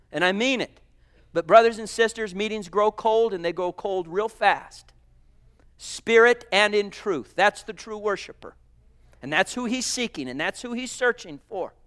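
A man preaching a sermon, fervent, swinging between loud exclamations and hushed asides. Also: sits high.

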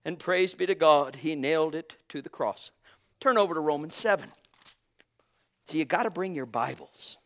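A man preaching a sermon with emphatic, drawn-out phrases, swinging between loud bursts and soft asides, chuckling now and then. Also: a little high, lively intonation.

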